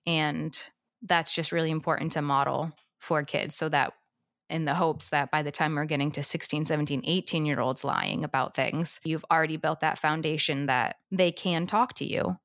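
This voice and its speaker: A woman with a fairly low voice talks through a classroom story in a calm, matter-of-fact way, as a teacher would. The sound is dry and close, with no room around it. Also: creaky, dry recording. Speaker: Montessori teacher and podcast co-host. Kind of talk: casual podcast discussion.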